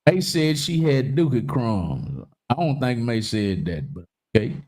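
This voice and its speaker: A man hosting a casual live-stream talk show, joking loudly, swearing freely and reading viewer comments aloud. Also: mid-range voice, sing-song, a little slow. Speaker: livestream talk show host.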